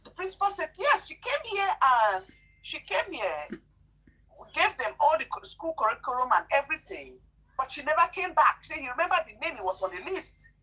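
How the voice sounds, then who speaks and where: Animated woman telling her story. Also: sits high, normal speed, poor audio. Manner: animated, indignant, repeats herself. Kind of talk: emotional storytelling chat.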